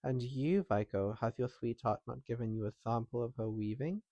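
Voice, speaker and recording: A man voicing a gentle old farmer and father in a storybook reading, speaking in a gentle, fatherly way. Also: mid-range voice, moderate pace, dry recording, lightly acted. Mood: judging.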